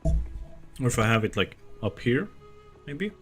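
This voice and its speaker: A man's voice: mid-range voice, very animated, takes it slowly, a bit bright, breathy edge, soft background music. A man live-streaming a game from a room at home, chatting casually and rambling while he tests and moves his desk mic. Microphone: desk mic, moved around while talking.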